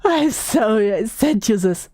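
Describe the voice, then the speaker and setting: Clingy young man, whiny, plaintive, high voice, dry sound, done by a woman. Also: expressive, unhurried, dark tone, no room sound. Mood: pleading. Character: clingy apologetic young man in text messages.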